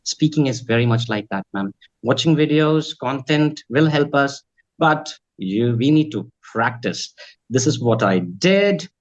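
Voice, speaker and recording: An Indian accent trainer whose mother tongue is Bhojpuri answers interview questions as a guest, earnestly giving advice and politely adding "ma'am" and "right." His voice is medium-pitched and animated at a measured pace, with the highs cut off.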